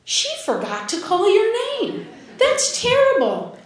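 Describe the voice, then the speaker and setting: Brief: a shrill, high proper mother who scolds, as a woman puts her on, echoey hall. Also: wildly swooping pitch, a little slow, full character voice. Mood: indignant. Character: indignant proper middle-aged mother, woman.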